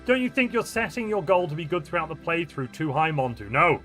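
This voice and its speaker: A chatty male streamer with a bright, somewhat high voice talks loosely to his live audience. He answers viewers' messages in a playful, joking way. Faint music plays underneath. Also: sing-song, fairly quick. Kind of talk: live-stream chat while gaming.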